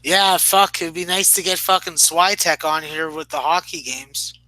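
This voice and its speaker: A man's voice: on the high side, normal speed, sharp tone, dry recording, rough recording. A man co-hosting a casual late-night podcast, loose and joking, with heavy swearing. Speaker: podcast co-host.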